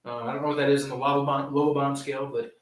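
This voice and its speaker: A man co-hosting a home brew stream, calmly explaining his recipe step by step. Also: mid-range voice, very fast. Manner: easygoing, explains step by step with fillers. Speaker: homebrewer co-host of a live stream. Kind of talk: casual explaining chat. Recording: echoey and distant, light hiss.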